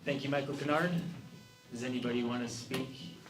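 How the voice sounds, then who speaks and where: A man's voice: medium pitch, flat delivery, a little fast. A man chairing a convention session, asking brief procedural questions. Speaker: meeting chair. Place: convention hall. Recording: echoey hall, distant mic, music behind.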